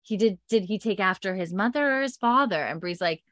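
A woman co-hosting a casual podcast, retelling events with lively shifts into character voices. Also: medium pitch, dry recording, clean studio sound. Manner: animated retelling, acts out characters in quick voices. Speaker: podcast co-host recapping a TV episode. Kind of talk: casual chat.

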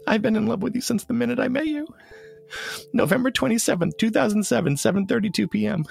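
A man narrating his own story in a halting, emotional way, stammering and repeating words. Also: sits high, vocal fry, slightly rough. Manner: emotional and urgent. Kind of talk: scripted memoir narration.

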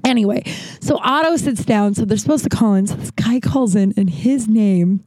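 A woman in her thirties hosts a podcast and tells stories in a loose, rambling way, cutting herself off and laughing as she goes. Her voice sits a little high but has a mellow tone, and it is recorded dry and close with almost no room sound. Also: a little slow, no echo. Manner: rambling, self-interrupting, laughs through her story. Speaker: podcast host. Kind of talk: casual storytelling monologue.

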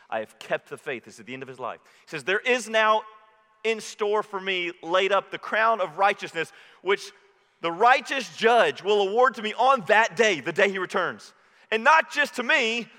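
A man preaching a sermon as pastor, impassioned, dropping low and quiet when he quotes scripture. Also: lively intonation, moderate pace. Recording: reverberant hall.

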